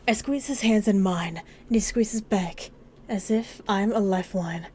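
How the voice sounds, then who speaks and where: A woman's voice: medium pitch, normal speed, darkish tone, a little hiss or hum. A woman hosting a gaming video, dramatically reading a narrative game aloud in the first person with emotional intensity. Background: game music.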